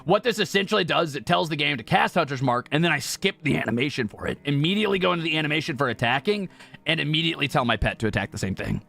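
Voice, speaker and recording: A man's voice: on the high side, lively intonation, racing, creaky, pushed and bright. A young man streaming a game, chatting playfully with viewers and joking around, sometimes muttering to himself while he types. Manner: playful, joking, drifts into mumbling while typing. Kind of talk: casual gaming livestream chat. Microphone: close streaming mic.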